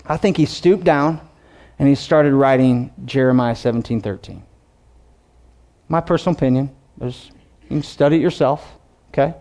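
A pastor preaching a sermon, animated, slowing down to read scripture and acting out quotes. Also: male voice, mid-range voice. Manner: animated preaching, reads scripture slowly, acts out voices.

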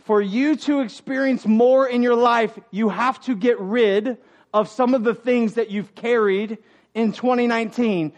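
A man's voice: very high voice, fairly even intonation, unhurried. A man preaching a sermon in church, emphatic and humorous as he addresses the congregation. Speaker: pastor. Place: church sanctuary.

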